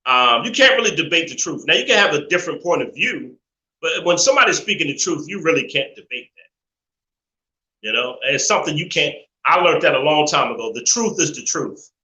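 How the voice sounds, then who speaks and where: Man, live stream host, preachy and opinionated, very bright voice, echoey room. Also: on the high side, animated. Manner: preachy, opinionated, laughs often, drawn-out emphasis. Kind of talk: live stream call-in talk.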